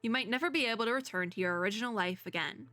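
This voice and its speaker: A woman reading the lines of a steady, caring male teacher from a game aloud in her own voice. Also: a little high, racing, no echo, soft background music. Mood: calm.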